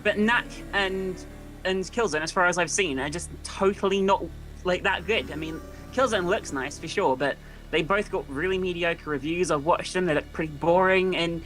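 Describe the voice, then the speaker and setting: A woman's voice: on the low side, moderate pace, a bit bright, soft background music, rough recording. A young woman co-hosting a game stream, ranting sarcastically about consoles. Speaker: co-streamer guest. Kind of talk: live gameplay chat.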